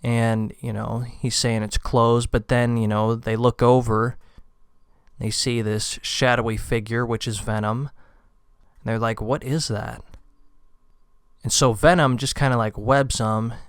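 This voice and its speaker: A man's voice: medium pitch, clear, resonant tone, no room sound, clean studio sound. A man hosting a comic explainer video, talking in an easygoing, chatty way. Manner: easygoing, chatty, uses fillers like "you know". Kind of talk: casual commentary.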